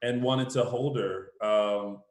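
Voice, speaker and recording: Dude rambling on a podcast, lots of ums, sounds a bit echoey. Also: male voice, lowish voice, steady tone, slow. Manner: rambling, hesitant with many fillers. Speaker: podcast co-host. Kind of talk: casual chat recapping a soap opera. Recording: roomy home recording.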